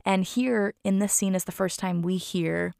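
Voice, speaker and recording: A woman's voice: mid-range voice, fairly even intonation, normal speed, gravelly, a little mellow, dry recording, studio quality. A woman hosting a podcast, chatty and gushing, mixing casual chat with reading aloud. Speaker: podcast host.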